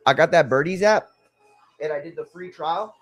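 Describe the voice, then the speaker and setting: A man's voice: a little high, normal speed, a bit bright, no echo. A man hosting a live watch-along stream, chatting casually and telling rambling stories full of slang. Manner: rambling storyteller, slangy, says "bro" a lot. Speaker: livestream watch-along host.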